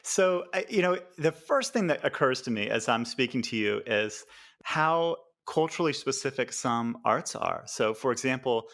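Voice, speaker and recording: A man's voice: mid-range voice, lively intonation, a bit bright. American man hosting a podcast. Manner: friendly, chuckles often, halting with fillers. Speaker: podcast host. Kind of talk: podcast interview.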